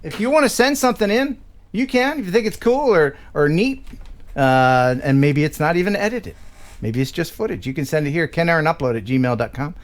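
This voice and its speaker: An American man hosting a live stream, chatting casually and reading viewer mail, with animated reactions. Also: fairly high pitch, a little fast. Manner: animated, laughs and cries out while reacting to clips.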